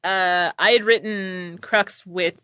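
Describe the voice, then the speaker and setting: A woman hosting a podcast in casual chat, animated and quick to laugh, often acting out quoted dialogue. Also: lowish voice, clean tone, dry recording. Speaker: podcast host; voice actor and script supervisor.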